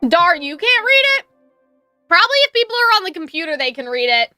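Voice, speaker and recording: Very high, bright-voiced woman chatting. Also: very animated, fairly quick, dry recording, studio quality, soft background music. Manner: rambling, heavy use of "like" and "you know". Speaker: co-host of a show review livestream. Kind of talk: casual livestream chat.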